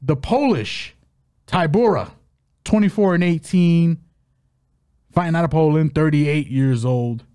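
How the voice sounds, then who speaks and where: A man's voice: fairly high pitch, measured pace, pauses often, clear, resonant tone, no echo, studio quality. A man co-hosting a fight betting podcast in casual chat, breaking down matchups with joking asides. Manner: animated, joking, hype-announcer asides.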